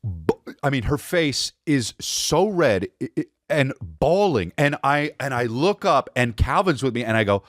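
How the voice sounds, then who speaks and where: A man hosting a podcast, telling a rambling comic story in a profane, animated way. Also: medium pitch, a little slow, no echo, clean studio sound. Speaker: podcast host. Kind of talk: comedic storytelling.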